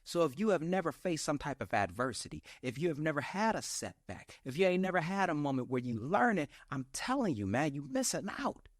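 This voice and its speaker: Animated young man preaching self-help. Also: a little high, brisk, hardly any pauses, no echo, clean studio sound. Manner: animated, preachy, slangy, acts out his inner voice. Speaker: podcast host. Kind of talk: motivational solo podcast talk.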